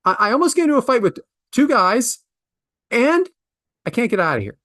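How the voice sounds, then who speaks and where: A man in his forties tells a story in a ranting, exasperated way, his pitch leaping from low mutters to high outbursts. The sound is close and dry, with no room around it. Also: very animated, a little fast, fairly bright tone, dry recording. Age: 40s. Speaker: podcast host. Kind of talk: casual storytelling.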